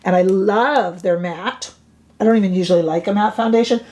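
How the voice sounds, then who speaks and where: A woman's voice: mid-range voice, fairly quick, dark tone, a little hiss or hum. A woman casually reviewing makeup products in a vlog, chatty and opinionated with playfully dramatic asides. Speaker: beauty reviewer.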